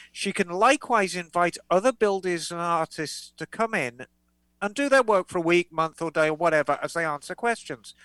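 A woman's voice: lowish voice, a bit bright, no echo, poor audio. A woman co-hosting a motorcycle podcast, reading listener letters aloud in a chatty, playful way. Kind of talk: casual podcast chat.

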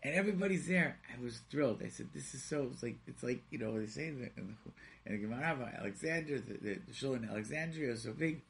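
A man's voice: mid-range voice, quick pace, creaky, a little hiss or hum. A man from Rochester, New York, telling stories in a casual talk show conversation and acting out the people he quotes. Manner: animated storyteller, acts out quoted voices.

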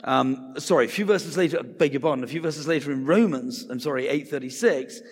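A man's voice: a little high, a little fast, slightly rough. Man preaching in a reverberant hall. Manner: conversational, acts out quoted voices. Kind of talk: sermon.

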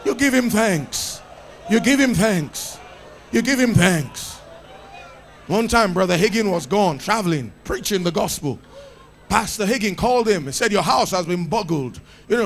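A man preaching a sermon with exuberant shouts, laughter and cries of praise. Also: sits high, animated, moderate pace.

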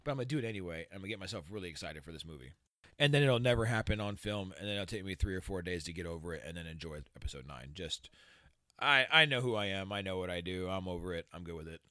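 A man's voice: deep voice, animated, quick pace, sharp tone, no echo, studio quality. A man hosting a podcast, ranting heatedly with a lot of profanity. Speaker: podcast host. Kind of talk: casual podcast rant.

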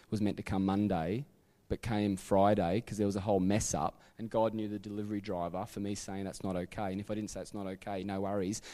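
In a church sanctuary, a pastor with an Australian accent delivers a sermon in a low, dark voice trailed by long reverb. His storytelling is chatty and packed with asides and self-corrections.

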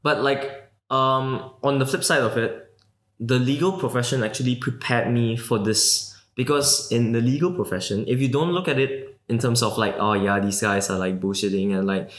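A young man from Malaysia, a guest in a casual interview, talking quickly and loosely with lots of "like" fillers and the odd swear word. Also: mid-range voice. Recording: roomy echoey recording.

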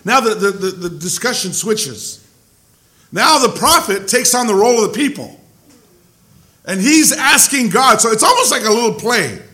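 A middle-aged male pastor preaching a conversational sermon, restarting phrases often and breaking into shouts for emphasis. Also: sits high, sing-song, normal speed.

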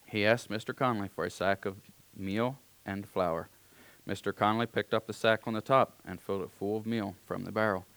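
Low-voiced man reading a story. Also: dry recording. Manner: calm, unhurried reading with throat clearing.

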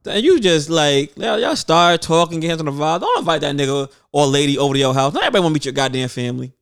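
A man's voice: on the high side, lively intonation, quick pace, vocal fry, a bit bright, clean tone. A man co-hosting a casual podcast, telling stories in loose slang with mock outrage. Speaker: podcast co-host.

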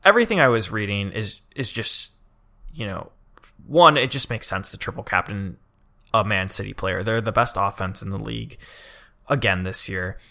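A man's voice: fairly low pitch, normal speed, vocal fry, sharp tone. A man co-hosting a casual podcast, rambling eagerly as he talks through his reasoning. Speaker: podcast co-host.

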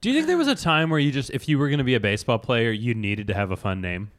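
A man's voice: mid-range voice, animated, quick pace. A man hosting a podcast, teasing his co-hosts dryly in casual chat. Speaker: podcast host.

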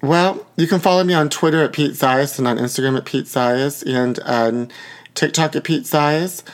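A man's voice: a little high, normal speed. A man hosting a podcast in casual chat, talking in a dramatic, self-mocking, rambling way. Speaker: podcast host.

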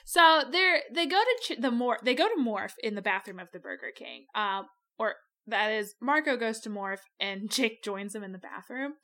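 A woman's voice: on the high side, lively intonation, moderate pace, few pauses, pushed and bright. A woman co-hosting a casual book podcast, talking animatedly, laughing often and acting out the characters she quotes. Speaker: podcast co-host.

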